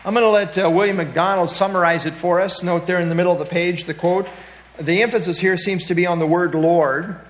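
Man teaching a Bible lesson from notes. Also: on the high side. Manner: reads from notes with frequent fillers and restarts, pointing to the page.

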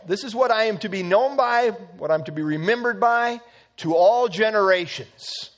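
A man's voice: high-pitched, expressive, normal speed. A man teaching an evening Bible study, earnest and emphatic, quoting scripture at length.

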